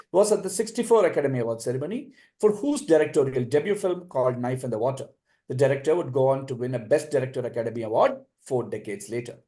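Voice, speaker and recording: Measured male quizmaster reading questions. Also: medium pitch, dark tone. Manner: measured, encouraging, recaps answers. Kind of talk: reading quiz questions and commentary.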